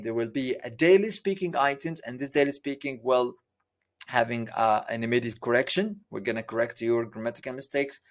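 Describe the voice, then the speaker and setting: Guy teaching exam prep, earnest, lots of ums and restarts, middle pitch. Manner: earnest, with frequent fillers and restarts. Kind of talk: lecture explaining a course.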